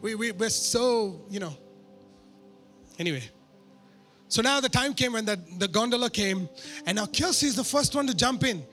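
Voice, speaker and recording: A man preaching a sermon through a personal story, animated and poking fun at himself. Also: high voice, moderate pace, pauses often, faint music behind. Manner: animated, self-mocking humor.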